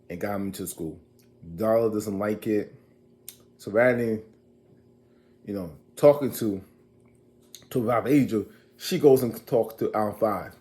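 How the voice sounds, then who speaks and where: A man casually recapping a TV episode as a reviewer, chatty and animated, acting out characters' lines. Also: fairly low pitch.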